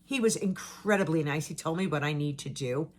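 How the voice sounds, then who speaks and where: Animated middle-aged woman telling a story. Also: sits low, fairly quick. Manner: animated, dramatic, acts out her own and others' lines; repeats words for emphasis. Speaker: vlogger telling a personal story. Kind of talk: casual storytelling to camera.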